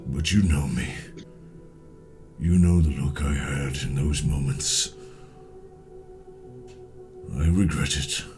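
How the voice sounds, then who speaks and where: A man voicing a hulking grey male orc who speaks with slow, subdued regret to his brother. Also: extremely low pitch, a little mellow, faint music behind. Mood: regretful.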